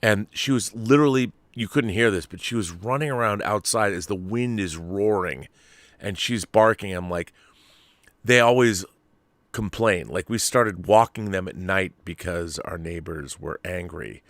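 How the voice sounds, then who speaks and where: A man hosting a podcast, telling a rambling, animated story in casual chat. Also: low voice, measured pace, no echo. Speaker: podcast host.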